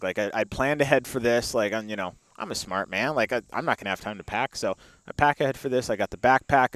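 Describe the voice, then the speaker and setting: A man's voice: mid-range voice, fairly bright tone, smooth, no room sound. A young man telling a long story in casual chat, with lots of fillers and laughs, spoken into a studio mic. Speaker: podcast guest.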